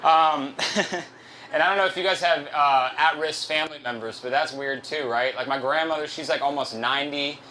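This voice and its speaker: Give me a man doing stand-up, self-mocking and profane, a little high and bright. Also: moderate pace, slight background noise, poor audio. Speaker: stand-up comedian. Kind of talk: stand-up comedy set. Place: live comedy venue.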